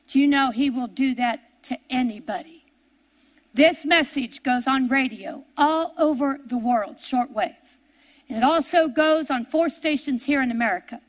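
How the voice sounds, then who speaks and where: A woman preacher with a high voice tells a story in her sermon. She often slows to long, drawn-out words for emphasis. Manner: storytelling with pleading, slowing to drawn-out prayerful emphasis.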